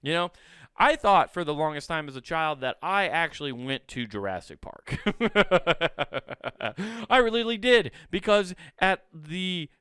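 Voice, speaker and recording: A man's voice: on the high side, very animated, takes it slowly, pushed and bright, clear, resonant tone, no room sound, studio quality. A man in his thirties from the US Midwest, hosting a podcast and telling a comedic story, self-mocking and swearing freely. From Sioux City, US Midwest.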